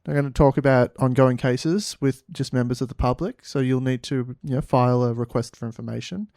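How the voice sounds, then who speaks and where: A man's voice: mid-range voice, fairly quick, a little mellow, no echo, studio quality, lightly acted. A man voicing a weary small-town police sergeant who sighs and talks in an officious, reluctant way.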